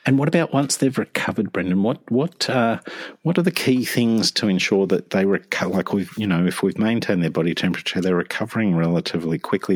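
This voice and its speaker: A man's voice: low voice, a little fast, husky. A man co-hosting a veterinary podcast, chatting casually, self-deprecating and stumbling when flustered.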